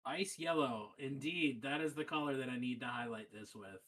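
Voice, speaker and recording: A man's voice: mid-range voice, moderate pace, fairly bright tone. A man guesting on a stream, trading playful, crude jokes in casual banter.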